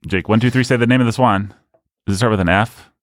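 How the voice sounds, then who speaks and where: A man's voice: lowish voice, fast talker, no room sound, studio quality. A man hosting a podcast in casual comedic chat, joking and rambling, tired from little sleep. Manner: joking, rambling, self-mocking. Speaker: podcast host.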